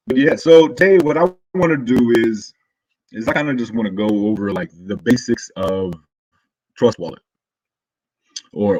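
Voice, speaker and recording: A man hosting a casual livestream, greeting his chat with hype and friendly shout-outs before talking loosely through a walkthrough in his morning voice. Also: on the low side, no echo. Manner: laid-back, loose and rambling. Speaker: crypto livestream host.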